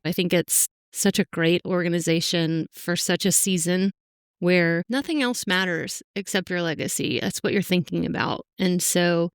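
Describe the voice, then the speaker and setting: Earnest middle-aged woman with a smooth voice. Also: lowish voice, no echo, studio quality, faint music behind. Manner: heartfelt, halting, full of fillers. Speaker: podcast guest. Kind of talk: emotional personal interview.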